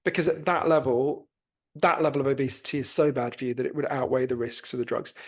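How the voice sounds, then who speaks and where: A man's voice: mid-range voice, fast talker. A man with a posh English accent, a guest author talking animatedly in a casual podcast interview, swearing freely, a little under the weather, speaking over a remote call. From North London, England. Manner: animated, swears casually, self-correcting restarts.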